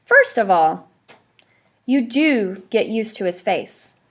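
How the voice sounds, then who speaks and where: A woman's voice: mid-range voice, very animated, takes it slowly, a bit bright. Woman teacher reading a novel aloud. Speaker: third-grade teacher.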